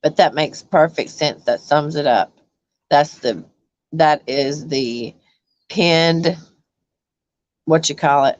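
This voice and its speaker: A woman chatting on a livestream, halting with many ums and restarts as she reads viewer comments. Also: low-pitched, darkish tone, dry recording, dull audio. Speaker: YouTube livestream host. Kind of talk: casual livestream chat reading comments.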